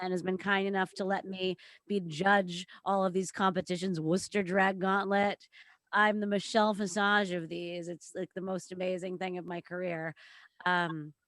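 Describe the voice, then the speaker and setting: A show host introducing acts in a campy, gushing way over a video call. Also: female voice, medium pitch, fairly bright tone, no room sound. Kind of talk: casual show hosting.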